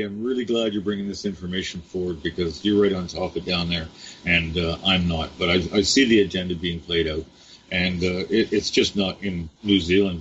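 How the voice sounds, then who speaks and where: A man's voice: low voice, muffled recording, slight background noise. A man co-hosting a podcast, talking in an easygoing, folksy and encouraging way. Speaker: co-host. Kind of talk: casual podcast talk.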